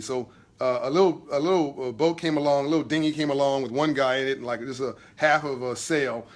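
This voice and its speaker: A man's voice: mid-range voice, fast talker. A man hosting a spontaneous live video talk from his new office. He preaches about money and acts out voices as he tells a story. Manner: animated storytelling with acted-out voices, emphatic and preachy. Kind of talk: spontaneous motivational talk to viewers.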